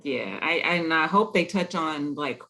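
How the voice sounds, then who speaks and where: A man's voice: a little high, expressive, measured pace, creaky, pushed and bright. A man co-hosting a casual talk show about a TV series, asking questions and thinking aloud. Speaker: podcast co-host. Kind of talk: casual chat about a TV episode.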